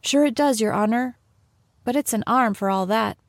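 A woman's voice: a little high, normal speed, dry recording, studio quality, close to an everyday voice. Woman doing a meek servant man for a storybook, humble, deferential. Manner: humble, says "your honor". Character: timid, deferential male gardener servant.

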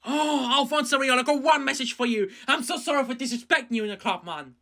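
A man ranting in a reaction vlog, swearing and swinging from angry shouts to low, sheepish mumbling. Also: quick pace. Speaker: fan reaction vlogger.

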